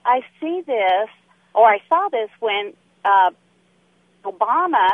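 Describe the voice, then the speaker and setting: A woman's voice: a little high, dry recording. A woman calling in to a radio show, talking earnestly about her worries. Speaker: caller. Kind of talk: call-in radio chat. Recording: tinny phone line.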